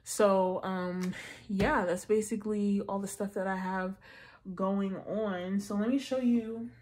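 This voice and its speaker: A woman in her mid-twenties chatting casually to the camera about budgeting, animated and slangy, joking as she talks. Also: medium pitch, slow. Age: 20s. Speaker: budgeting vlogger. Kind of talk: casual chat.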